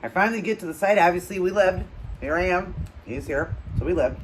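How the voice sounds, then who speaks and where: A woman hosting her own channel, telling a story in a loose, chatty way, getting louder and higher at tense moments and dropping to low murmurs between them. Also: fairly quick, a little hiss or hum, poor audio. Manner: animated retelling with acted quotes, trailing off into low murmurs. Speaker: channel host. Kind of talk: casual storytelling while eating.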